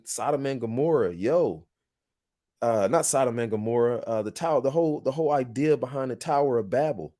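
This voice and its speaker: A man's voice: mid-range voice, darkish tone. A man hosting a podcast in a casual monologue, earnest and motivational, telling stories with emphatic repetition. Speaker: podcast host.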